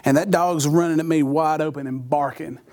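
A man's voice: fairly high pitch, steady tone, a little fast, darkish tone, slight background noise. A man preaching a sermon, telling a funny personal story and laughing at his own jokes.

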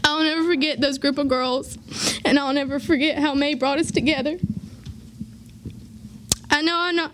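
A woman's voice: high voice, a little hiss or hum. A graduating teenage girl, giving a heartfelt farewell speech to her church youth group, tearful and laughing through tears. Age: late teens.

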